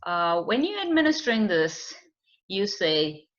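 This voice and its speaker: Lady trainer w/ an accent walking through a memory test, lively bright voice, kinda muffled recording. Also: mid-range voice, unhurried. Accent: non-native English. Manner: explanatory, with fillers and acted client quotes. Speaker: dementia screening trainer. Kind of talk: training lecture. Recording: dull lo-fi recording.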